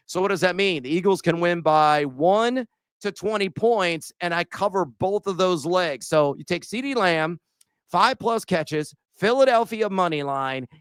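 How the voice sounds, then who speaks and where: A man co-hosting a sports betting podcast, exuberant and playful, bursting into shouts as he talks through his picks. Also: high voice, clear, resonant tone, no room sound. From Illinois. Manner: playful, sprinkles joke phrases. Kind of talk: casual betting picks chat.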